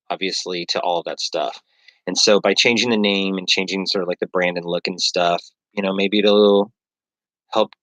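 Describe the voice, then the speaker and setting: Low-voiced man rambling on a livestream. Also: fairly bright tone, dry recording. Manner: rambling, self-mocking, many fillers. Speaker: livestreaming artist.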